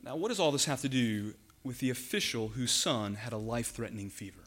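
A man preaching a sermon to his congregation, earnest and emphatic, slowing down and dropping his voice on the words he wants to stress. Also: medium pitch. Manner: earnest, emphatic, slows and drops to a hush for key words. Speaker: pastor.

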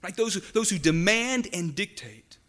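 A man preaching a sermon to his congregation, earnest and emphatic, slowing down and dropping his voice on the words he wants to stress. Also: sits high, animated. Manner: earnest, emphatic, slows and drops to a hush for key words. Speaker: pastor.

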